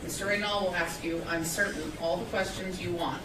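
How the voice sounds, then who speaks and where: A woman's voice: fairly low pitch, fairly even intonation, brisk. Stern woman judge giving instructions. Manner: firm, stern. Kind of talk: courtroom instructions. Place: courtroom. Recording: echoey courtroom, distant mic, noisy.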